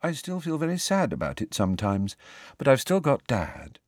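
A man voicing a dreamy, serene teenage girl witch in an audiobook, calm and matter-of-fact. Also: medium pitch, normal speed, no echo, studio quality, voice pushed up.

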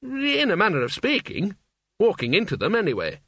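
Kindly absent-minded wizard in a storybook, read by a man, husky, lightly raised. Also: high-pitched, wildly swooping pitch, normal speed, fairly bright tone, dry recording, clean studio sound, pitched above the performer's own voice, full character voice. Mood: mild. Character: bumbling, kindly young male wizard.

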